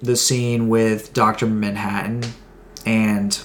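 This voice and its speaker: A man's voice: fairly low pitch, level tone, slow, slight background noise. A man co-hosting a podcast in casual chat, rambling and correcting himself as he goes. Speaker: podcast co-host.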